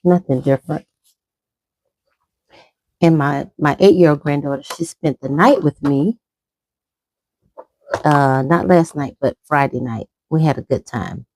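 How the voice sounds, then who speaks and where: Slow, mellow-voiced woman chatting. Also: deep voice, a little hiss or hum. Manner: rambling, chatty, talks while applying makeup. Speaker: makeup vlogger. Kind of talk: casual makeup tutorial chat.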